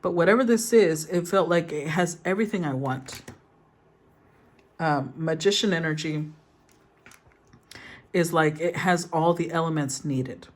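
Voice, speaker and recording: A woman's voice: deep voice, a little slow, long pauses. Soothing woman reading tarot aloud. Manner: soothing, thinks aloud and rephrases. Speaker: tarot reader.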